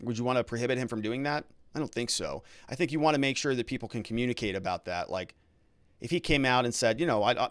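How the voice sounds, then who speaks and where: A man's voice: medium pitch, dry recording. A man, a lawyer, hosting a casual livestream, talking through legal news and reading viewer comments in a conversational, hedging way.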